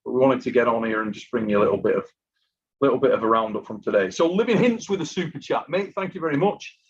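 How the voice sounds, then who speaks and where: A husky man hosting a casual live stream, chatty and worn out after going without sleep. He talks easily to viewers and reads out their messages. The audio is muffled and lo-fi. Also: mid-range voice, animated, fast talker. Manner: chatty, reads out super chats. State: exhausted from lack of sleep. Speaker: host of an armwrestling live stream.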